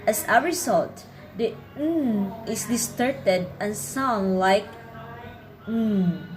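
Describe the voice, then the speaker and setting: Slow, carefully enunciating woman teacher. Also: medium pitch, music in the background, rough recording. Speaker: pronunciation teacher. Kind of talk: scripted instructional narration.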